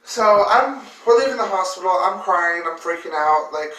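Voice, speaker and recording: Woman, vlogger, emotional storyteller, lots of fillers, bright tone, roomy echo, distant mic. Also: fairly low pitch, lively intonation, normal speed. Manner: emotional, full of fillers and repeated words. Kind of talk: personal storytelling.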